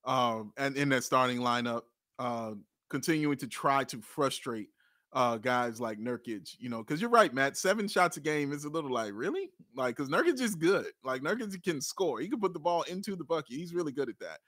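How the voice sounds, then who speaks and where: Bright excitable man on sports podcast. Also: medium pitch, normal speed, no room sound, studio quality. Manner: excitable, laughs often, repeats himself. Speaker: podcast co-host. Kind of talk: casual sports podcast chat.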